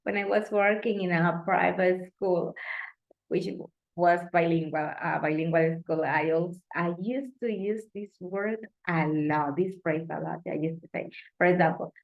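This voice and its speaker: A woman with a Spanish accent, a native Spanish speaker, teaching classroom English phrases slowly and patiently, acting out example lines. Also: lowish voice, vocal fry. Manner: slow, patient explaining with lively acted example phrases. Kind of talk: vocabulary lesson over slides. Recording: dull lo-fi audio.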